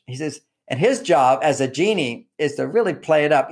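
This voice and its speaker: A fairly high-pitched man with a gravelly edge gives relationship advice as an interview guest. He talks animatedly, repeats his words for emphasis and slips into acting out little exchanges. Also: expressive, fairly quick. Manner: repeats words, acts out quoted lines.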